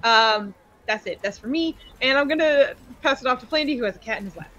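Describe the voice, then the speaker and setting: Female tabletop player, high bright voice, giggly. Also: animated, a little fast, muffled recording, a little hiss or hum. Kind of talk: casual chat at a tabletop game.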